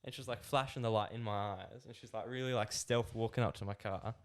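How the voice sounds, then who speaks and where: Fast-talking Australian man telling a story. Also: lowish voice. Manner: animated, rambling anecdote with many asides. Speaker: podcast co-host. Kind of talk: casual storytelling.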